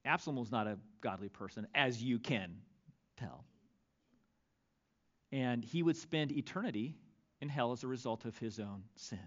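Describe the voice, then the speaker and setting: A man's voice: mid-range voice, moderate pace, long pauses. Pastor guy giving a sermon, reads scripture real dramatic, kinda dull recording. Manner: expressive preaching with dramatic scripture reading.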